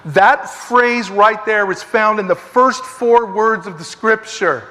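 A man with a notably high voice leads a casual Bible study, driving points home by repeating them and wandering off on tangents. His voice rings with the long reverb of a large hall. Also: takes it slowly, sharp tone. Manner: emphatic, digressive, repeats phrases for stress. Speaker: Bible teacher.

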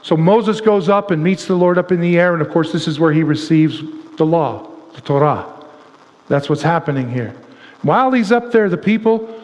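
A man with a fairly high voice preaches in a loose, animated way, breaking into playful impressions. His voice rings out with a long reverb, as in a big hall. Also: moderate pace. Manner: animated, acts out voices of the people with humor. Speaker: pastor. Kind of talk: sermon.

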